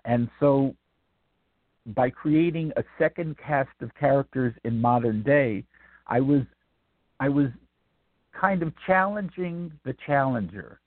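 Elderly male author, reflective and halting; phone-quality audio, dry. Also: mid-range voice, lively intonation, dry recording. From Brooklyn, New York. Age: 80s. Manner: rambling, reflective, many ums and restarts. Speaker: author guest. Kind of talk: radio interview answers. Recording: tinny dry phone line.

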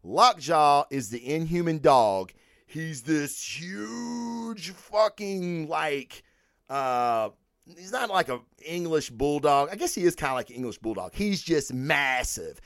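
A middle-aged man hosts a comic book vlog, ranting bluntly and swearing freely in animated, casual commentary. His voice is a little high and he takes it slowly, captured dry and studio-clean on a microphone and camera.

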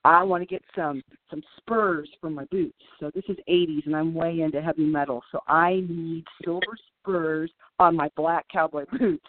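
A woman guest telling animated stories in a casual interview, laughing and acting out the people she quotes. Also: low-pitched, normal speed, hardly any pauses. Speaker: guest, former wrestler. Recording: tinny phone line, dry.

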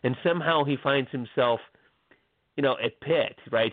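A man's voice: medium pitch, moderate pace, no echo. Male sports blogger, casual rambling podcast talk, full of "you know", dry, phone-like sound. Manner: rambling, many fillers and restarts. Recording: tinny phone-like audio.

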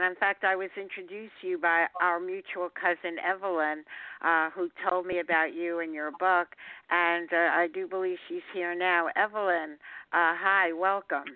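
A woman's voice: lowish voice, smooth, dry recording. A woman hosting a radio talk show, chatting with fillers as she introduces a caller. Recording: dry phone-like line.

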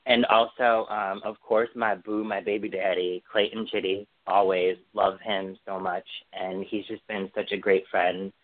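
A man's voice: deep voice, flat delivery, measured pace, few pauses, dry recording. A man co-hosting a podcast in casual chat, gushing and chatty with lots of fillers. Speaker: podcast co-host. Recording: dry, phone-like sound.

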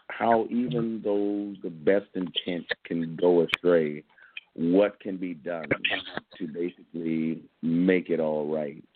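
A man's voice: extremely low pitch, no room sound. A man hosting a casual talk radio show, joking and rambling playfully. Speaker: host. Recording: dry tinny phone line.

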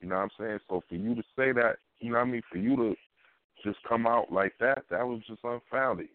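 A man's voice: medium pitch, brisk, no room sound. A man co-hosting a podcast in casual chat, talking in emphatic slang and repeating himself for effect. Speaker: podcast co-host. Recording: phone-like line with faint noise.

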